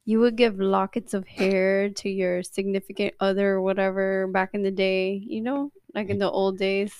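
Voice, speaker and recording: A woman's voice: mid-range voice, level tone, moderate pace, darkish tone, clean tone, no room sound. A woman co-hosting a casual podcast, reacting in a dry, exasperated way. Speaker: podcast co-host. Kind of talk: casual chat.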